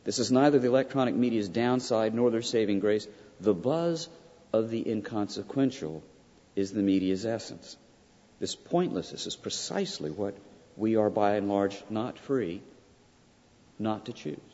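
A low-pitched, husky man delivers a classroom lecture as a college professor, pressing his points emphatically and tossing in frequent "right?" asides. His voice carries the long reverb of a lecture hall. The recording is dull and lo-fi. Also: animated, normal speed, mellow.

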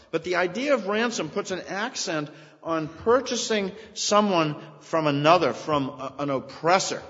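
A man's voice: medium pitch, fairly bright tone. A man preaching an expository sermon, emphatic, repeating key phrases and lifting his voice on quoted scripture. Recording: dull sound with long hall reverb.

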